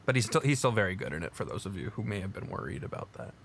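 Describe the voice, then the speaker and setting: A man's voice: lowish voice, very animated, rapid-fire, vocal fry, a bit bright, a little hiss or hum. A young man co-hosting a podcast, talking earnestly in casual chat and defending his opinions with stammered restarts. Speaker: podcast co-host.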